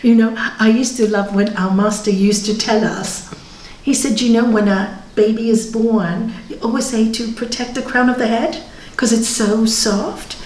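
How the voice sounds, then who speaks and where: A middle-aged woman, a yoga teacher, giving a reflective spiritual talk with readings, laughing softly between points. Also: fairly high pitch, fairly even intonation, unhurried, distant mic. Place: yoga centre hall. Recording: roomy, from off the mic.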